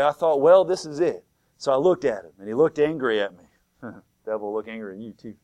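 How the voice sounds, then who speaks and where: A man preaching a sermon, fervent and swinging from loud to hushed. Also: mid-range voice, no room sound. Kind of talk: sermon retelling a vision.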